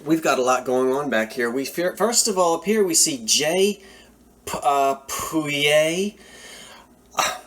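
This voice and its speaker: A man's voice: on the high side, slow. Enthusiastic man showing antiques. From Philadelphia area. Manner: animated, enthusiastic, chatty asides. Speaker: antiques seller showing a thrift haul. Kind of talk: casual show-and-tell vlog.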